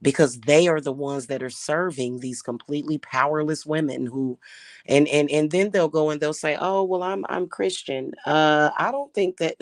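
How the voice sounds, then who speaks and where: A woman's voice: low voice, moderate pace, no room sound. A young woman venting in an angry, profane rant, blunt and scornful as she talks. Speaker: spiritual reader and vlogger. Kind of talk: angry ranting monologue.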